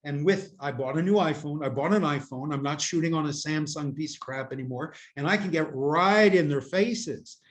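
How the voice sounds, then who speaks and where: A man's voice: a little high, normal speed, few pauses. An older man from the United States, a guest in a casual interview, talking at length in a rambling, self-mocking way with many fillers, picked up by a laptop microphone. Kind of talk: casual video-call interview chat. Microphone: laptop camera microphone.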